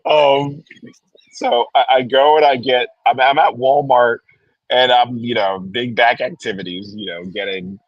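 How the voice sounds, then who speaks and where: A man's voice: medium pitch, unhurried, no echo, lo-fi sound. A young man with a New Jersey accent telling a story in casual chat, acting out what people said. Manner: animated, acts out quoted people. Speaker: guest comic creator.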